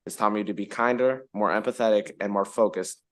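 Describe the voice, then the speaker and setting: A fourteen-year-old boy reads his prepared testimony to a committee, carefully and with small restarts. His voice sits a little low for his age group. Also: steady tone, brisk. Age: teens. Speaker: student witness.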